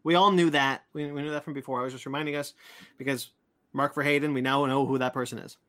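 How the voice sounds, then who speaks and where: A man's voice: mid-range voice, fairly even intonation, quick pace, a bit bright. A man hosting a casual pop-culture chat, reading out news items in a loose, chatty way. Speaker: podcast host reading news.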